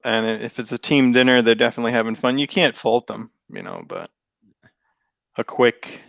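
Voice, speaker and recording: A man's voice: medium pitch, fairly even intonation, moderate pace, gravelly, a bit bright, no echo, highs cut off. A man with a Boston accent hosting a casual chat over a video call, easygoing, laughing often and rambling through restarts. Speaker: podcast host.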